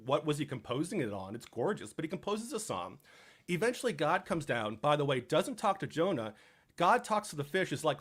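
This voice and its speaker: A young man casually retelling a Bible story with jokes, dropping into quick voices for the people in it. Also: a little high, slightly rough. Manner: animated, jokey, acts out characters in quick asides. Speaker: podcast co-host.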